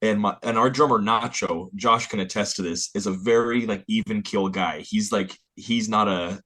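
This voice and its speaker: A man with a somewhat low voice chats casually as an interview guest. He tells his stories with animated energy and laughs often along the way. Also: normal speed. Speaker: band member guest. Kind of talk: casual chat.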